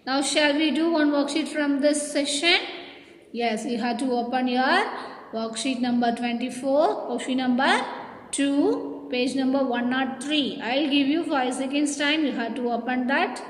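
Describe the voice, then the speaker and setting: Slow-spoken, high-voiced woman teacher. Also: fairly bright tone. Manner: drawn-out, emphatic word-by-word delivery, calls children "my dear children". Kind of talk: online English lesson for young children. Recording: echoey room with long reverb.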